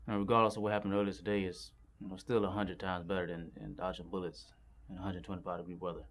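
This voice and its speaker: An actor playing a young war veteran just home, speaking calmly and reflectively. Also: male voice, deep voice, fast. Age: young adult. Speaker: army veteran.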